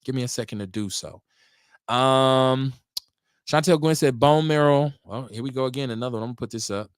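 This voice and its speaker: On his own solo podcast, a middle-aged host from Milwaukee, USA, rambles casually from topic to topic. His average-pitched voice is brisk, clear, and resonant, often leaping upward in lively swings as he warms up. The sound is close and dry, with no echo or room.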